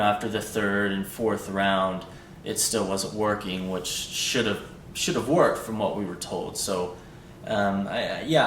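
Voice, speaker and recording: A young man, the vlogger's husband, speaking in a halting, hesitant way with many fillers. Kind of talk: casual personal talk. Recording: roomy echo, distant mic, faint rumble.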